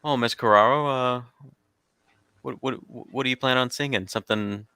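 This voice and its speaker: A man playing in a tabletop game, talking casually and halting with repeated words. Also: mid-range voice, sharp tone, smooth, no echo, clean studio sound. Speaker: player.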